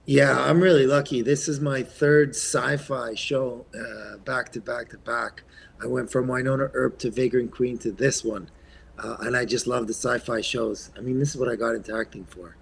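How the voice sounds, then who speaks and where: A man from Quebec, a guest actor, chatting in an interview in a soft-spoken way that often trails off, with plenty of ums and uhs. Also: medium pitch, fairly even intonation, normal speed, creaky, a little hiss or hum. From Eastern Canada, Quebec. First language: French. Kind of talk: casual interview chat.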